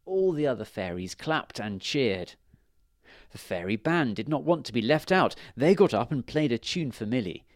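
A man reads a children's storybook aloud, gentle and expressive. His pitch rises and falls freely across a middle voice. The recording is dry and close, with no room sound. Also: moderate pace, no room sound.

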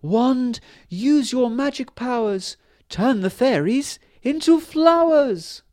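A man voicing a frightened fairy queen in a children's storybook, with a high, breathless, pleading delivery. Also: lively intonation, takes it slowly, a little mellow, dry recording, clean studio sound, heavily acted. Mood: commanding. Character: frightened fairy queen, small and magical, woman. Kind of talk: storybook reading.

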